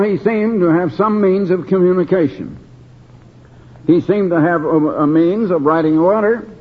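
A man's voice: a little high, breathy edge. Older man preaching over tinny radio. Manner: slow, deliberate, with frequent pauses and restarts. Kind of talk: Bible study sermon. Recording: tinny phone-like radio broadcast.

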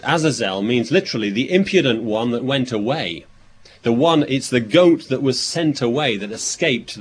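A man delivers a sermon, working through scripture verse by verse and explaining what it means. His voice is slightly husky and sits at a middle pitch. His delivery swings widely in pitch, and he often stops and restarts mid-thought. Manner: expository, reads scripture aloud and explains it; thinking aloud with restarts and fillers. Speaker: preacher.

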